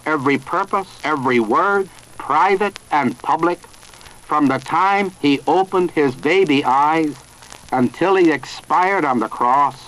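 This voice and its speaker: A man preaching a sermon in a slow, emphatic way with long pauses. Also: on the high side, rough recording.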